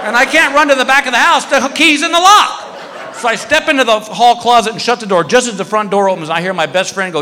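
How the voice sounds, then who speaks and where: A man telling a stand-up story on stage, animated and acting out other people's voices. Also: very high-pitched, fast talker. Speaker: stand-up comedian. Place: comedy club stage. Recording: echoey live venue with crowd. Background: audience laughter.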